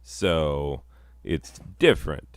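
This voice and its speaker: Deep-voiced guy rambling thru a comedy bit, slow, kinda mock-outraged, dry sound. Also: very animated, smooth, no echo. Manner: rambling and self-mocking, with mock-outraged bursts. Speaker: comedy sketch performer. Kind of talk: solo comedy sketch with quick voice switches.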